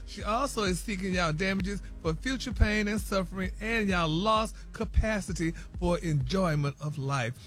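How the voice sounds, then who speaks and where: A man reading celebrity news on a radio morning show, animated and gossipy, sprinkling in "y'all" and "honey". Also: sits high, moderate pace, hardly any pauses, soft background music.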